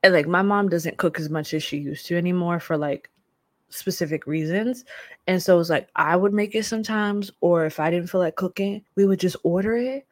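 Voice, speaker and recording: Animated slangy young woman. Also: lowish voice, brisk, dry recording. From United States. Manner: animated and dramatic, slangy exclamations. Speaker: vlogger. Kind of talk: casual storytelling to viewers.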